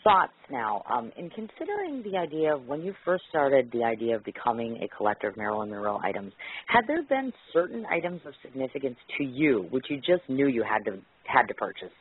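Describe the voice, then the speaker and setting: A man's voice: medium pitch, big pitch swings, fairly quick, husky. A man hosting a radio interview show, talking in a gushing, effusive way with many fillers. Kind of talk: excitable radio interview chat. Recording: lo-fi phone-like radio audio.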